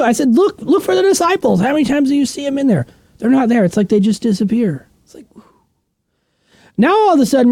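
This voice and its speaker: Man, casual bible study teacher, emphatic, lively swooping pitch, warm mellow tone, dry close sound. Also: no echo. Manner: emphatic, animated, repeats words for emphasis.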